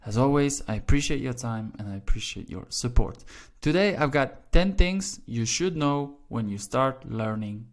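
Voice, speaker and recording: A man's voice: medium pitch, expressive, moderate pace, hardly any pauses. A man from Belgium, a Dutch speaker, hosting a casual language lesson in an encouraging way with frequent "all right?" check-ins. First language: Dutch (Flemish). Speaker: language teacher and channel host.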